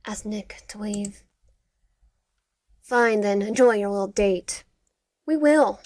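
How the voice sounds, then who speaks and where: A woman's voice: on the high side, dry recording. A young woman playing a visual novel, reading its lines aloud, stumbling over words and adding quips. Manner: reads game text aloud, often stumbling and restarting words; quips between lines of the game. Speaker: gaming YouTuber. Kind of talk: let's play of a visual novel, reading dialogue aloud with asides.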